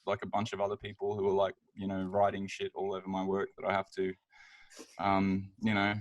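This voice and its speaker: Writer guy co-hosting, low voice, rambles with lots of ums, dry sound. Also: completely flat delivery, brisk, no echo, highs cut off. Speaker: podcast co-host, game writer. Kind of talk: casual podcast chat.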